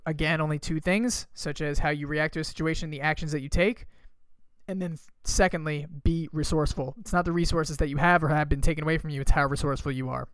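A man's voice: a little high, fairly bright tone, clear, resonant tone, no echo. A man hosting a motivational podcast, talking casually and emphatically, with lots of fillers and some swearing. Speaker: podcast host and coach.

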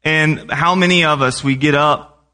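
A man's voice: fairly high pitch, steady tone, a little slow, sharp tone. A young man preaching a sermon in a conversational way, often asking the congregation questions.

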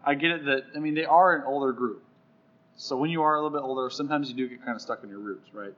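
A man's voice: mid-range voice, muffled recording. A man co-hosting a podcast, a fitness instructor chatting casually and rambling through his stories. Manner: fast, rambling storyteller who repeats himself.

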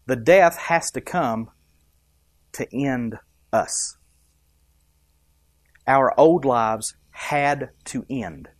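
A man's voice: medium pitch, extremely slow, pauses often, no room sound, clean studio sound. A man preaching a sermon, emphatic and rising and dropping for effect, asking the congregation questions. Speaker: pastor.

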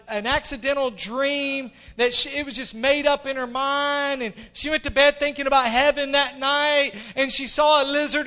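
A middle-aged male pastor preaches with fervor, his voice sitting unusually high for a man. His tone is bright and forceful, sinking to near-whispers before climbing to shouts. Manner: impassioned, swinging from hushed to shouting. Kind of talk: sermon.

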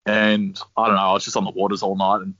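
A man's voice: sits low, monotone, fast talker, sharp tone, no room sound. A young man with an Australian accent, casually telling a long anecdote, laid-back and swearing freely. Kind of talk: casual storytelling. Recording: dry, slightly dull sound.

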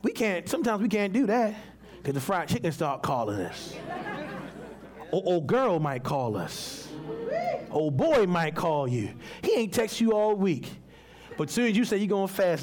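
Pastor guy preaching, high voice, loose and animated, jumps into little acted voices mid-sermon. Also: moderate pace. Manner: teaches with props and volunteers, calls on readers.

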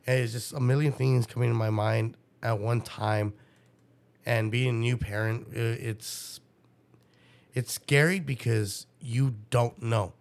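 A young man, a father, telling a story in a casual interview, profane and animated. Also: medium pitch, measured pace, gravelly. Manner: profane, animated, acts out his own past dialogue.

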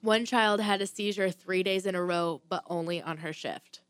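A woman's voice: fairly low pitch, normal speed, clean tone, no room sound. A woman hosting a casual chat and telling a true crime story from notes, with blunt asides and the odd swear word.

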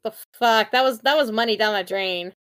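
A woman's voice: fairly high pitch, moderate pace, a bit bright, clean tone. A woman in her thirties co-hosting a casual podcast chat, mostly short, playful agreeing replies. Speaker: podcast co-host. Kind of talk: casual chat reviewing a TV show.

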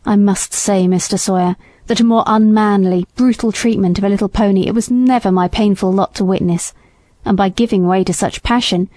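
A woman voicing a stern, principled gentleman who owns horses, speaking gravely and reprovingly. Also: mid-range voice, no echo, lightly acted.

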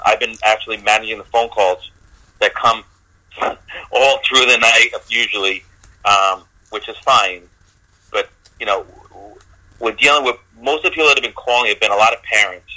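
A man being interviewed as a guest, talking earnestly with many pauses and fillers. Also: on the low side, bright, forceful tone. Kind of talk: casual interview chat. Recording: phone line on radio.

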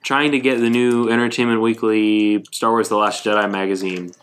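A man's voice: fairly low pitch, level tone, normal speed, fairly bright tone, clear, resonant tone. A man co-hosting a podcast, telling a long rambling story about his day and cracking jokes, in casual chat. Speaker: podcast co-host.

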